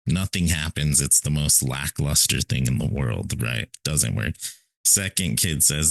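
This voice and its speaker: A man's voice: rumbling low, unhurried, creaky, fairly bright tone, no room sound. A man co-hosting a podcast in casual, rambling philosophical chat, often checking in with "right?". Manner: rambling, emphatic, repeats "right?". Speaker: podcast co-host.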